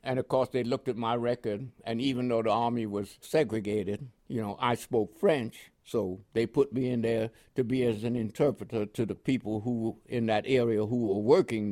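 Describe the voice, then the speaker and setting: A man's voice: mid-range voice, a little mellow. Elderly man, war veteran, rambling storyteller, chuckles, interview. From Panama. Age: older. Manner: rambling, chuckling, restarts with "you know".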